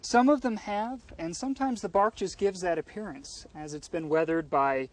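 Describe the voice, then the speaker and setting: A man with a fairly high voice guides a visitor through a mountain forest outdoors. He explains patiently and kindly. He often affirms what he is asked before he goes on. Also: moderate pace. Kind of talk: explaining to an interviewer.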